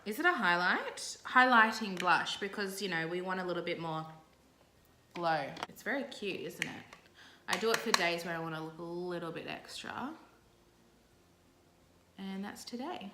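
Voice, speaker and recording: This young Australian woman's voice sits on the low side, animated but at a moderate pace, with long pauses. As a beauty vlogger, she chats playfully to viewers while guiding them through her makeup, in a roomy, echoing space with faint background noise.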